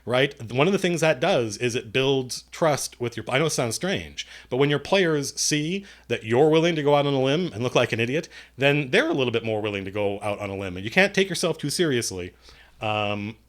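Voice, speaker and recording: A man talking at his desk mic during a live stream, midrange in pitch and easygoing. He reads chat questions aloud and rambles through his answers. He jokes about himself as he goes. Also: expressive, brisk. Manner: self-deprecating, jokey.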